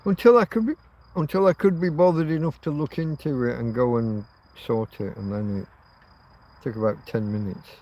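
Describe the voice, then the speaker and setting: A middle-aged man with a mid-range, darkish voice speaks at a moderate pace while hosting a late-night livestream outdoors near a road. He muses, swears, and talks to himself as he chats.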